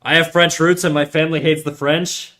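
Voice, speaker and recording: Slightly high and level in tone, this young man's voice is brisk and sharp. He's a Canadian-accented streamer from Canada who draws while chatting, joking, telling rambling stories, and cursing without restraint.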